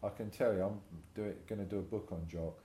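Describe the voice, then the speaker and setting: An older man, a tattoo artist, tells animated anecdotes in a casual interview, swearing freely and acting out what people said. His lowish voice moves a little fast, and the room in his tattoo shop is roomy and echoey.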